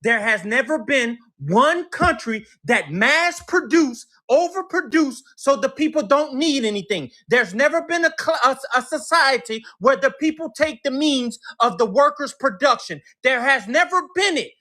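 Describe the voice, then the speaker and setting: A woman's voice: high voice, lively intonation, normal speed, hardly any pauses, sharp tone. A woman in a livestreamed debate, ranting in a mocking, profane way. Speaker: debate participant. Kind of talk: heated live debate.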